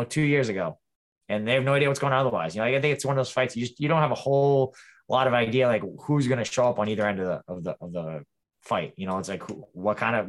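A man's voice: mid-range voice, fairly bright tone. A man talking as a guest in a casual interview, rambling with lots of restarts and fillers. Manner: rambling, many restarts and "you know". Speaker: fighter, guest.

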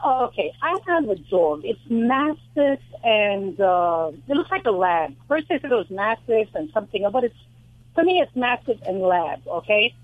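A woman's voice: mid-range voice, very animated, moderate pace, no room sound. A woman caller with a New York accent, describing her dog's problem on a radio call-in show, talking eagerly and repeating herself. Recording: tinny phone line.

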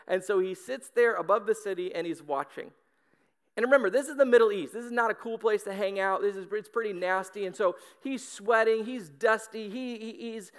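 A man preaching a sermon in an animated, conversational way, acting out little voices for comic effect. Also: sits high, clear, resonant tone. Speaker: pastor.

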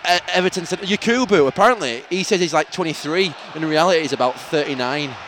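A man's voice: on the high side, fast talker, fairly bright tone, slight background noise. A man, co-hosting a football fan podcast outdoors at a match, chatty and laughing, full of rambling asides. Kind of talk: casual football banter.

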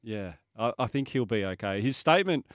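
A man's voice: medium pitch, lively intonation, brisk, no room sound, clean studio sound. An Australian man co-hosting a breakfast sports radio show, chatting casually and reading listener texts aloud.

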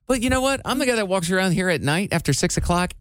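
Animated, lively-voiced male co-host. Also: sits high, fast, dry recording. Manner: animated storyteller, acts out quotes. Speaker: radio show co-host. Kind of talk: casual banter.

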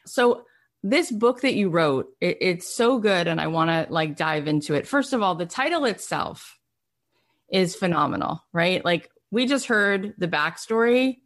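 A woman host with a fairly low voice speaks eagerly and casually. She gushes about her guest's work and fills her speech with "like" and small restarts as she works her way to a question. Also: animated, a little slow. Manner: enthusiastic, uses "like" often. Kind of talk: casual interview.

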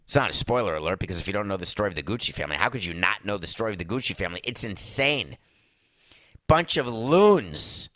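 A man with a bright, forceful voice hosts a podcast in loose, casual chat. He rambles sarcastically and calls his listeners folks. His voice sits dry and close on a studio mic. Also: lowish voice, no echo. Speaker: podcast host. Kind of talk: casual chat and movie review.

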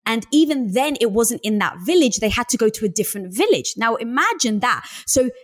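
A woman with a London accent, a guest telling her story in an interview, candid and expressive. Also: fairly high pitch, a little fast. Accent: London English. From England. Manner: expressive, laughs often, candid.

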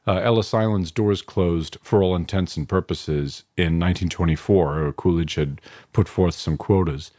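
A man's voice: low voice, moderate pace, warm tone, dry recording, studio quality. A middle-aged man from New York, a filmmaker reflecting at length in an interview, digressive with frequent restarts and asides. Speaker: filmmaker guest.

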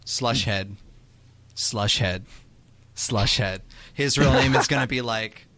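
A man's voice: medium pitch, slow pace. A man co-hosting a casual podcast chat, joking and laughing as he talks. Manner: joking, animated, breaks into laughter. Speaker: podcast co-host.

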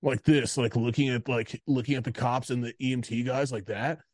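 A man's voice: medium pitch, fairly even intonation, fairly quick, no echo, studio quality. A man co-hosting a podcast, telling a story in casual chat, rambling and swearing with lots of "like". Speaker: podcast co-host.

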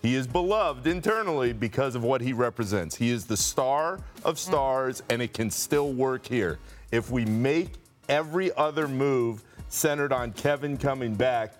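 A man's voice: mid-range voice, animated, moderate pace, faint music behind, lightly acted. A man improvising as a worried basketball team general manager on a podcast, earnest and pleading. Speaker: basketball reporter. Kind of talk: improvised role-play on a podcast.

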